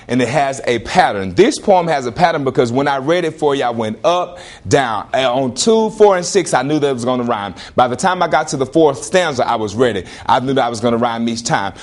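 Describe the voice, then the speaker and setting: A man teaching a classroom lesson, questioning students and repeating prompts in an animated way. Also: medium pitch.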